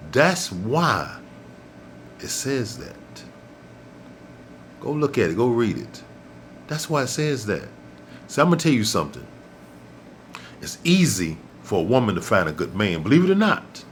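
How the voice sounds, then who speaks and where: A man's voice: mid-range voice, a little hiss or hum. A man hosting his own show, ranting in a blunt, profane and preachy way, repeating lines for emphasis. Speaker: host. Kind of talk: ranting monologue to camera.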